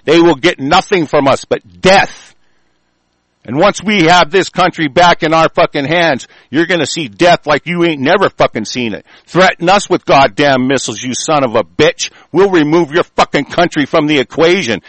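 A man's voice: on the high side, normal speed, a bit bright, no room sound. A man in an angry political rant, talking in a profane, aggressive way and stumbling over restarts.

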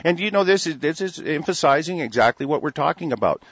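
A man's voice: on the high side, lively intonation, quick pace, a bit bright, no room sound. A man from the United States in a heated, rambling talk-radio rant, stammering through restarts and swearing freely. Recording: dull lo-fi recording.

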